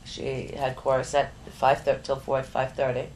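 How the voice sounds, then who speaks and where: Middle-aged woman, interview guest: deep, gravelly, excitable storyteller who stumbles over words; faint noise. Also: normal speed, poor audio. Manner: lively, stumbles and repeats words, acts out other people's voices. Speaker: psychic guest.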